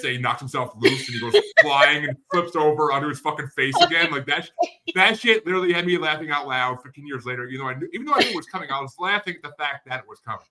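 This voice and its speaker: A man talking excitedly and swearing freely as he retells funny movie scenes in a casual podcast chat. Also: medium pitch. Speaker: podcast guest.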